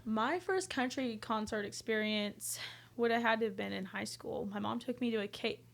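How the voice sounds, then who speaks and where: A young woman with an Oklahoma accent chats as a podcast guest. She has a fairly high voice, laughs easily and fills her talk with fillers. Her manner is casual and chatty. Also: normal speed, creaky. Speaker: country music artist, guest. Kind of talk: casual chat.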